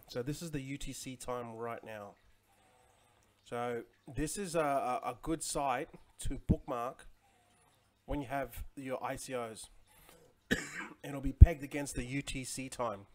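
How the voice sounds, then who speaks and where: A man's voice: medium pitch, slow pace, pauses often, slight background noise. Rambling forties man hosting a livestream. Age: 40s. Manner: rambling, filler-heavy, greets chat viewers. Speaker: crypto livestream host. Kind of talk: casual livestream chat. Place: home in Chiang Mai.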